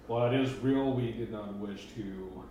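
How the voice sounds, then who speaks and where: A man with a lower voice playing his character in a tabletop game, giving calm, clipped, matter-of-fact answers. There is heavy echo in the room, with noticeable background noise. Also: normal speed, muffled recording. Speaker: player.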